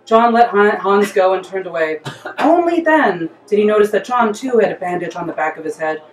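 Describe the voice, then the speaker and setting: A woman author reading her comic story aloud in a lively, playful way. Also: mid-range voice, a little fast, echoey room, recorded from a distance, rough recording. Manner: lively, playful, breaks into laughter.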